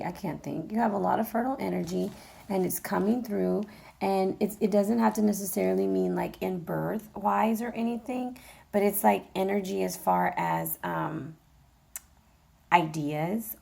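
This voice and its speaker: Gravelly, worn-out woman tarot reader. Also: mellow. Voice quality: gravelly, low voice. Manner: chatty, direct address, many fillers. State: vocally exhausted, voice going in and out. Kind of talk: casual tarot reading.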